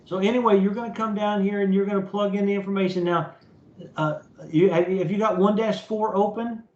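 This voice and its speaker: A man with a high voice teaches an online class as a professor, walking students through the work step by step in a casual way and asking "okay?" again and again. His voice sounds roomy and somewhat dull, like a lo-fi meeting recording. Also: fairly even intonation, brisk, darkish tone. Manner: casual, repeats "okay?" to check understanding. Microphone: computer mic in a video meeting.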